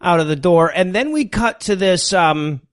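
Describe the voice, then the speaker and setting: A man with a fairly high voice walks through a bad movie's scenes as a podcast co-host. He swears freely and laughs often while he recaps. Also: animated, moderate pace. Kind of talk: casual comedic movie recap.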